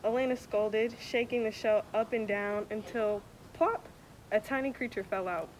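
A young woman reading a children's picture book aloud with expressive, animated storytelling. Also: mid-range voice, moderate pace, a little hiss or hum, rough recording. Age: young adult. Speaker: student athlete reading aloud.

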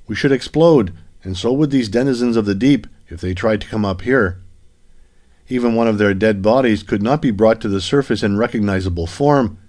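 An old, learned professor holds forth in a measured, lecturing manner, as a man reads him aloud. His voice sits fairly low. He is a figure in a read-aloud story. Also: darkish tone, lightly acted.

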